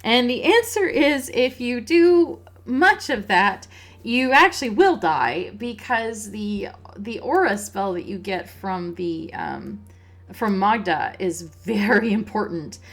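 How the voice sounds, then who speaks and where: A woman's voice: medium pitch, sing-song, slow. A woman hosting a let's play, giving casual, musing gameplay commentary and laughing often.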